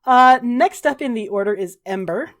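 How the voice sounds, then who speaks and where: A woman running a tabletop game as game master, narrating and calling the rules briskly with offhand fillers. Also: fairly high pitch, lively intonation.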